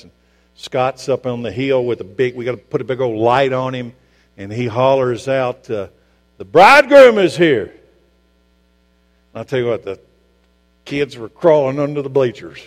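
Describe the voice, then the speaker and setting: A man preaching a sermon as pastor, emphatic, asking the congregation rhetorical questions and swinging from loud to hushed. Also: mid-range voice, fairly even intonation, a little fast. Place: church sanctuary. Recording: long hall reverb with mains hum.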